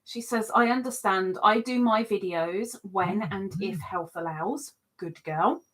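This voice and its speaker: Slow, chatty woman on a livestream. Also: medium pitch, fairly bright tone. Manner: chatty, teasing, reads comments aloud. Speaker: live stream host reading chat. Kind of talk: casual live stream chat.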